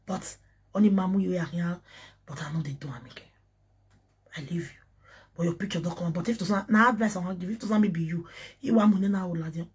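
A woman from Nigeria with a Nigerian Pidgin accent, ranting excitedly on a casual livestream and breaking into chanted syllables and laughter. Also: lowish voice, fairly quick, long pauses, breathy edge. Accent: Nigerian Pidgin English. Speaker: social media personality.

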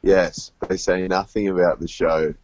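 A man's voice: low-pitched, level tone, unhurried, darkish tone, slight background noise. A man answers a phone call in a polite, flustered and dry way. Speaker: prank call target. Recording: muffled phone line.

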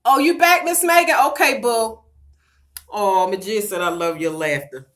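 A middle-aged woman chatting on a casual livestream, loud and playful, breaking into laughter and talking straight to her viewers while she does her hair at home. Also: medium pitch, measured pace. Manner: slangy and animated, talks straight to viewers. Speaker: vlogger doing a livestream.

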